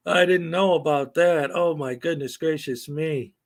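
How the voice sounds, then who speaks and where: A man's voice: a little high, slow pace. A middle-aged man giving rambling, opinionated live-stream commentary, full of fillers and short laughs. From United States.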